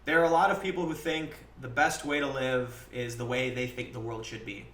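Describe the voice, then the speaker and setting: A man in his thirties talks through a casual live-stream monologue, blunt and full of swearing, and slips into animated quoted lines from his own past. His voice is bright and forceful. The room around him is echoey. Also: mid-range voice, fairly quick. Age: 30s. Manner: blunt and profane, with frequent restarts.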